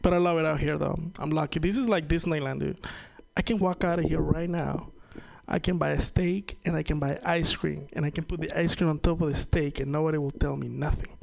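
A young man with a Venezuelan Spanish accent works through a loose, profane stand-up set, cracking himself up as he goes. His voice sits high and carries a gravelly rasp. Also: steady tone, fairly quick, few pauses, slight background noise. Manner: rambling, profane, laughs at own jokes. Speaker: stand-up comedian. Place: comedy show stage.

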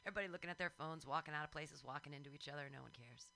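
A woman's voice: low-pitched, very fast, vocal fry, bright, forceful tone, a little hiss or hum. A woman guest in a casual podcast chat, blunt and laughing.

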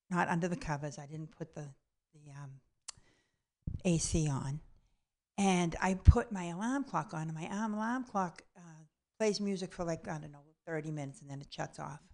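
A woman's voice: on the low side, vocal fry, darkish tone. A woman telling a comic personal story aloud, blunt and profane, acting out the other people's voices as she goes.

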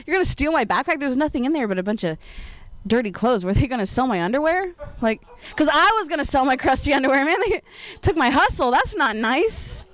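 A woman's voice: high-pitched, very animated, a little fast. A woman doing stand-up comedy, telling a rambling, laid-back story full of "like".

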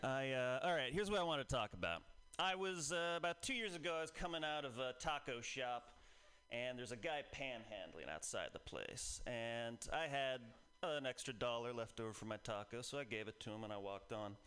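A man's voice: medium pitch, lively intonation, normal speed, a bit bright, smooth. A man in his twenties doing a stand-up set with wry, self-mocking humor. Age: 20s. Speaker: stand-up comedian.

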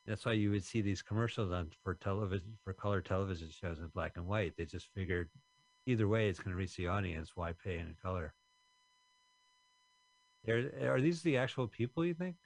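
Low-voiced man joking about a movie. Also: no room sound. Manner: playful, quick with puns. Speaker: co-host. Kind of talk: casual movie commentary.

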